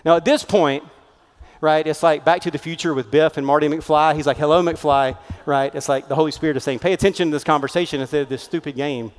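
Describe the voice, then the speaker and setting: A man, a pastor telling a story in a sermon, animated and conversational, acting out the voices he quotes. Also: on the high side, fast talker. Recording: long hall reverb.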